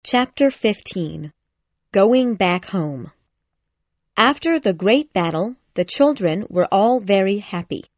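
A woman narrating a graded reader audiobook in a slow, careful, clearly articulated way. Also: mid-range voice, lively intonation, darkish tone, dry recording.

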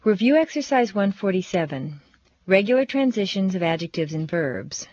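A woman leading a pronunciation lesson, reading drill words slowly with careful, clipped articulation. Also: mid-range voice, big pitch swings, a little mellow, dry recording, muffled recording. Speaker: pronunciation instructor. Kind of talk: slow, deliberate language drill reading.

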